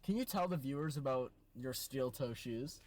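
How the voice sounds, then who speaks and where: A man's voice: medium pitch, lively intonation, moderate pace, a little mellow. A man in casual chat, making dry, joking asides. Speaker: co-host.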